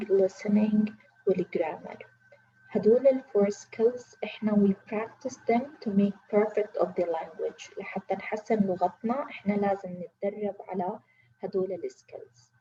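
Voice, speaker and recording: Woman teacher, mellow dark voice, dull lo-fi recording with faint hum. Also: medium pitch. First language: Arabic. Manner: switches between slow careful English and rapid Arabic explanation. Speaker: English teacher. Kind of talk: online reading lesson.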